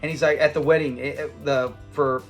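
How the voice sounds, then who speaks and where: A man with a slightly higher voice for his sex talks casually as a fan-channel host. He rambles, quotes scenes in passing and breaks into laughter. Faint music plays softly behind him. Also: level tone, brisk. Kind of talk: casual commentary.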